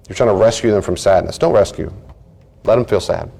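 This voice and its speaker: A man, a counselor, teaching a marriage class in a lively, conversational way, breaking into quick acted-out bits of dialogue. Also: on the low side, creaky. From United States. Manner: animated, acts out little dialogues in changed voices.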